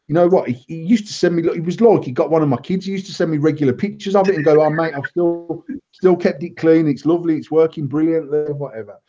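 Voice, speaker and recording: A man, host of a casual banter show, telling blunt, sweary stories. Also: medium pitch. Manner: sweary storytelling, lively and blunt. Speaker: host and vape company owner. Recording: dull lo-fi live stream audio.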